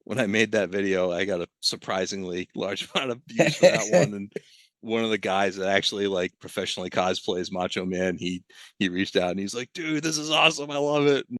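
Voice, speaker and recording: A man's voice: low-pitched, steady tone, a little fast, no room sound. A man who is a podcast guest, talking in a rambling, self-interrupting casual chat and laughing often.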